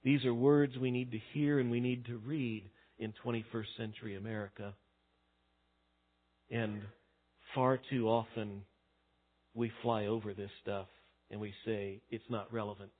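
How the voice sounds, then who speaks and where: A man preaching a sermon as a pastor, swinging between loud emphatic lines and hushed ones. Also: lowish voice, level tone, a little slow, long pauses. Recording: tinny phone-like sound.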